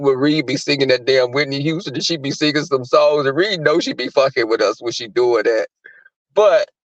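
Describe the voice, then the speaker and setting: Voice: medium pitch, no echo. A person giving casual, profane commentary on a reality show, often jumping into mocking impressions. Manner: animated, jumps into mocking impressions of people. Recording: dull lo-fi dry recording.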